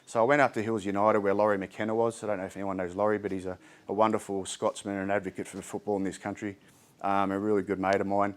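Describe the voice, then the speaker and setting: A man's voice: fairly low pitch, little pitch movement, quick pace. A man with an Australian accent giving a candid, chatty community talk on mental health, with frequent ums and restarts. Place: indoor community hall.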